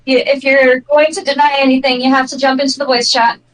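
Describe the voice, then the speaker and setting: A woman's voice: sits high, level tone, fairly quick, recorded from a distance, poor audio. A woman from New England chatting casually in voice chat, teasing dryly.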